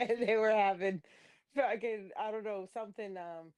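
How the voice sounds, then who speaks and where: A woman hosting a live stream, telling crude, laughing gossip stories in a casual chat. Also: unhurried. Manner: profane, laughing, animated gossip; mimics others in a high squeaky voice.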